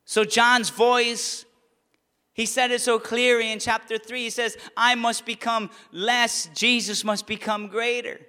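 A pastor with a high, bright voice preaches a sermon in a smooth, unhurried, level tone, building to fervent near-shouts on key lines. His words ring through a church sanctuary with a long, lingering reverb.

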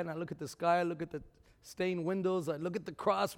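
High-voiced preacher shouting in a church hall. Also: male voice, fairly even intonation, fast. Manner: swings from shouting to low, quiet talk; repeats words, stammers on restarts. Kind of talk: sermon. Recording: long hall reverb.

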